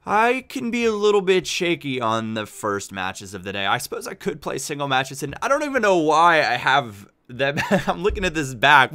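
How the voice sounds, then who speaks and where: A man's voice: fairly high pitch, sharp tone. Upbeat man commentating his football game. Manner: chatty, upbeat, thinks aloud while playing. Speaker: gaming channel host. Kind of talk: casual gameplay commentary.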